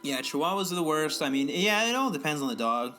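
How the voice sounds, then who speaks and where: A man's voice: fairly high pitch, very animated, fast talker, sharp tone, faint music behind. A young man co-hosting a podcast, ranting casually with lots of swearing and mocking impressions of other people. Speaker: podcast co-host. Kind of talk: casual profane rant.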